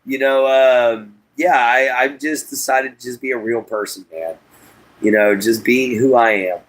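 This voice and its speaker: A man with a drawl hosts a laid-back livestream, chatting with viewers in a folksy, unhurried way. His voice sits in a middle pitch, and he talks from inside an RV. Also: steady tone, rough recording. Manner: folksy, drawling, reads chat aloud. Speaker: livestream host. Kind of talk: casual livestream chat.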